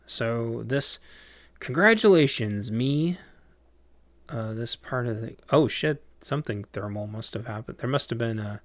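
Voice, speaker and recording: A man streams a game and chats loosely with his viewers. His voice has a gravelly fry at mid pitch, and he wanders through his thoughts with many ums and restarts. The sound is close and dry. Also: fairly even intonation, normal speed, hardly any pauses, no echo. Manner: rambling, lots of fillers and restarts. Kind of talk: casual livestream chat while playing a game.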